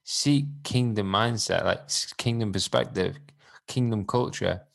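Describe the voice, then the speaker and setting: A man's voice: fairly low pitch, unhurried, vocal fry. A man co-hosting a faith podcast, talking in a reflective, preachy way with many restarts. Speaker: podcast co-host.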